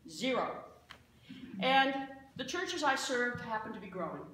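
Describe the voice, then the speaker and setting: A woman's voice: on the high side, big pitch swings, measured pace, a bit bright. A woman pastor preaching a sermon as a self-mocking story, recorded in a church sanctuary. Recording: very echoey church hall, faint noise.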